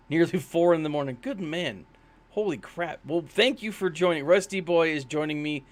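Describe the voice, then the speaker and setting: A man live-streaming a mobile game, chatting loosely to his viewers. He rambles and often makes fun of himself, with plenty of ums and uhs. His voice sits a little higher than most men's. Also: moderate pace. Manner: chatty, rambling, with many fillers; self-deprecating. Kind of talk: casual live-stream commentary.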